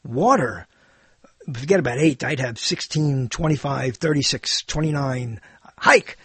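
An older man hosts his own show in a casual, rambling monologue that wanders into jokes and musings on what words mean. His medium-pitched voice is slightly rough and a little slow, recorded dry.

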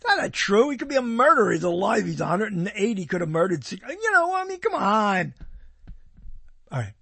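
A man's voice: high-pitched, huge pitch swings, brisk, vocal fry, bright, forceful tone, slightly rough, no room sound. A man rambling in casual commentary, sarcastic and wandering, often breaking off his own sentences. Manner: sarcastic, wandering, self-interrupting. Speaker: video host reviewing TV listings.

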